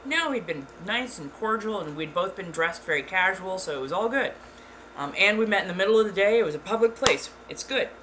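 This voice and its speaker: A woman hosting her channel, telling a story in casual chat, animated and swearing freely. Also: mid-range voice, fairly quick, slight background noise. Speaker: ASMR channel host.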